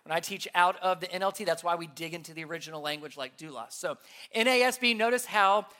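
Bright-voiced pastor teaching a sermon. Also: medium pitch, quick pace. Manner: earnest, explains by repeating key points; asks the audience rhetorical questions.

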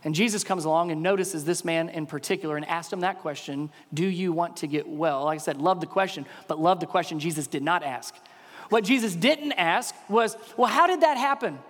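A man preaching a sermon to a room full of people, acting out their inner questions in lively put-on voices. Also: a little fast, in a large hall. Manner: animated, acts out the congregation's inner voices with jumps in pitch. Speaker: pastor. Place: large room with an audience.

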